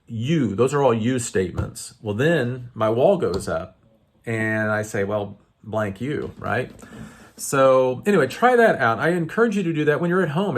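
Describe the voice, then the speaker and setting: A man coaching viewers in an unscripted talk, earnest and halting, with many fillers and restarts. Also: medium pitch. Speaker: wellness coach. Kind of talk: unscripted teaching to camera.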